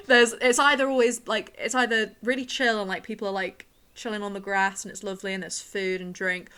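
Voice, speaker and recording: A woman on a podcast in casual chat, enthusiastic, agreeing quickly and laughing. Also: medium pitch, pushed and bright, clear, resonant tone. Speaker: podcast co-host.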